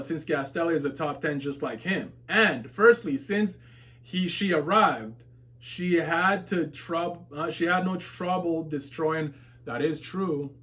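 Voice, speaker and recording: A man streaming a live webtoon reaction, reading viewer comments aloud and reacting with laughs, curses and outbursts. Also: fairly high pitch. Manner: excitable, swears and shouts at plot twists, laughs often.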